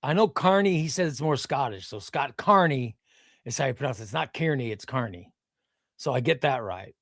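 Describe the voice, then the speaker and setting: A man's voice: mid-range voice, animated, brisk, a bit bright, no echo, clean studio sound. A man hosting a casual comics livestream, rambling, repeating words and answering chat. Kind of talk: casual live-stream chat. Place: home room with comic shelves.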